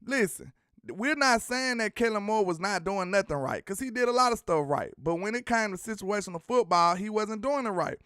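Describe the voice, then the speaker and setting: A man's voice: sits high, fairly quick, clear, resonant tone, no room sound, clean studio sound. A man hosting a sports talk show, chatting casually and teasing viewers as he reads out their comments. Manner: animated, slangy, teasing the chat.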